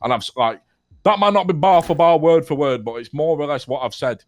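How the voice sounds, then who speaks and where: A man's voice: fairly high pitch, a little fast, dry recording. Laughing young man. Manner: rambling, swears a lot, keeps laughing at his own story. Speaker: roleplay player telling a story. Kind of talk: casual in-character storytelling.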